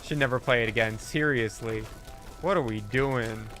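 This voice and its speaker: A man livestreams his gameplay, talking casually at an ordinary, middle pitch. He grumbles, swears and laughs at his own slip-ups. Faint music plays under his voice. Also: moderate pace, a bit bright.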